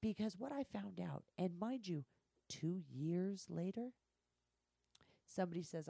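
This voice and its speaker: Low, mellow-voiced woman telling blunt stories. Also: measured pace, creaky, pauses often, husky, no room sound, studio quality. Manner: blunt, profane, animated storytelling. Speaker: guest. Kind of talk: candid podcast storytelling.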